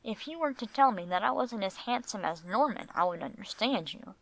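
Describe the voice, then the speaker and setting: A woman's voice: mid-range voice, expressive, fairly quick, vocal fry, dry recording. Woman reading a teasing middle-aged husband, mock-serious, dry close sound.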